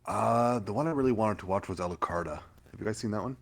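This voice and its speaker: A man's voice: on the low side, fast, vocal fry. A man co-hosting a podcast in a laid-back way, letting his sentences trail off. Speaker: podcast co-host. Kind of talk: casual chat.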